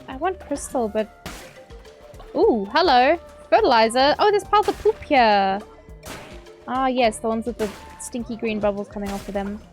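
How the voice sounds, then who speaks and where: A young woman talks through her game live, swearing, squealing and gasping as she reads chat. Her voice sits high, and faint music plays underneath. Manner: excitable, swearing, squeals and gasps, chatting with viewers. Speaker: streamer. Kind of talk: casual live gaming commentary.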